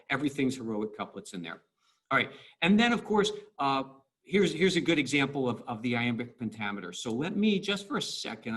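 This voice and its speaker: A man's voice: mid-range voice, fairly bright tone, slightly rough. A male teacher giving a recorded online lesson in a casual, thinking-aloud way, breaking poetry lines into syllables.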